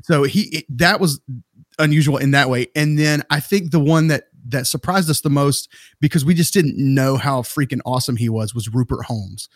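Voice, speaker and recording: A man's voice: mid-range voice, normal speed, no echo, studio quality. A man talking as a guest in a casual conversation, speaking hesitantly as he searches for his words. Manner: hesitant, full of fillers and restarts.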